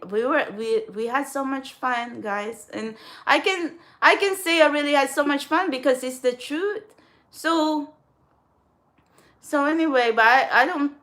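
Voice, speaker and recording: A woman's voice: high voice, a bit bright. A woman vlogging casually to her viewers. She rambles, laughs often, restarts her sentences and scolds trolls bluntly.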